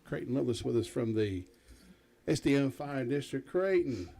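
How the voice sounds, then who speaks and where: A man's voice: mid-range voice, lively intonation, normal speed, vocal fry, dark tone. A man hosting a morning radio show, joking around and laughing often. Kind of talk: casual radio banter.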